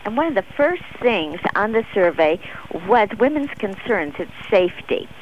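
A woman's voice: medium pitch, very animated, normal speed, slight background noise. Chatty American woman, muffled radio sound. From United States. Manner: chatty, enthusiastic, laughs often. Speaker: travel book author, radio guest. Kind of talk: radio interview chat. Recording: dull, muffled radio audio.

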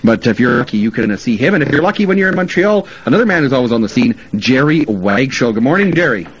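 A man's voice: mid-range voice, animated, quick pace, breathy edge. A male radio host chatting in an upbeat, promotional way about places to stay and eat, with frequent "uh" fillers. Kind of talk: promotional travel and dining chat. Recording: dull lo-fi radio audio with faint noise.

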